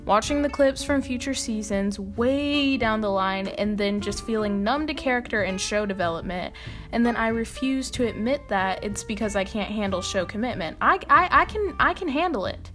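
Young woman video host, casual commentary, quick laughing asides, light music bed. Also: mid-range voice. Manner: chatty, laughing, exasperated asides.

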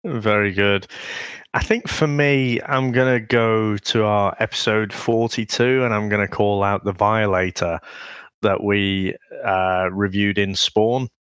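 A man's voice: lowish voice, steady tone, unhurried, a bit bright, smooth, no echo, studio quality. A man from the UK co-hosting a podcast, telling stories casually and laughing. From United Kingdom. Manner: laughing, storytelling, restarts. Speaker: podcast co-host. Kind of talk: casual chat.

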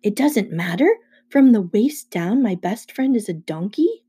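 A woman's voice: medium pitch, expressive, a little slow, dark tone, breathy edge. A woman narrator voicing a bewildered boy who fires off incredulous questions. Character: startled boy, bewildered and blunt.

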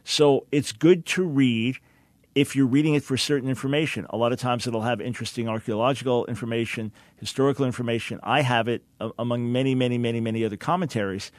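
A man's voice: mid-range voice, fairly even intonation, fast talker, no room sound. A man hosting a call-in radio talk show, speaking earnestly and emphatically, often repeating words as he starts a sentence.

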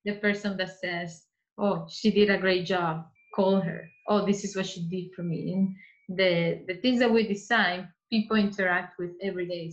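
A woman gives career advice, earnest and repeating phrases as she works out her thoughts. Her voice sits in a middle register. The recording sounds a little dull and lo-fi. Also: mid-range voice. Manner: earnest, speaks in restarts and repeats. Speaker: interior designer guest. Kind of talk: casual interview advice.

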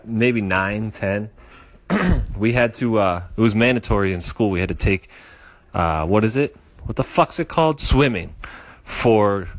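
A man's voice: fairly low pitch, dry recording. A man co-hosting a podcast, wisecracking and swearing in casual chat. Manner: profane, wisecracking, interjects often. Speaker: podcast co-host.

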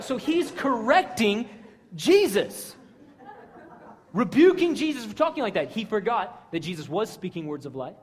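A man preaching a casual sermon, animated and slangy, often checking in with his listeners. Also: high-pitched, measured pace. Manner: animated, slangy, keeps asking "right?". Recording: long reverb of a hall.

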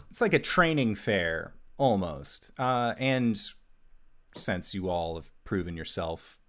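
A smooth guild boss, played by a man, makes his pitch in a measured, slightly lowered voice. He is bossy and businesslike, and he sounds like he is recruiting for a company. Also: fairly bright tone, full character voice.

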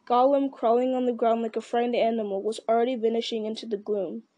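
A woman reading a fantasy novel aloud in a steady, measured voice, with the odd slip and restart. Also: on the high side, no echo, lo-fi sound. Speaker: audiobook reader. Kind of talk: storybook narration.

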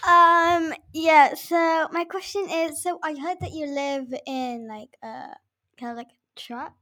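A woman asking a podcast guest a question in a hesitant, halting way. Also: high voice, fairly even intonation, sharp tone.

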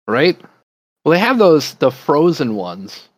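A man's voice: a little high, sing-song, slow, no echo, poor audio. A man in casual chat as a podcast co-host, rambling and laid-back, cursing freely as he reminisces.

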